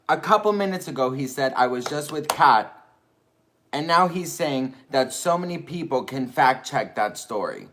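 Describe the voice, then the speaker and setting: A man's voice: fairly high pitch, fairly bright tone. A man making an indignant video, firing off rhetorical questions and repeating his points. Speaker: YouTuber defending himself.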